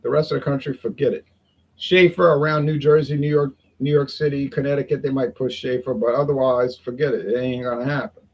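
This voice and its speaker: A man's voice: medium pitch, fairly even intonation, a little fast, dull audio. A man chatting casually and rambling in a folksy way, talking at home in the heat with the windows open. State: sweating in the heat. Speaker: beer review vlogger.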